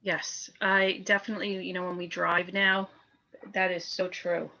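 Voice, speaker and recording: A woman in a casual conversation, answering with short, warm reactions. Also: fairly low pitch, little pitch movement, moderate pace, creaky, dull audio.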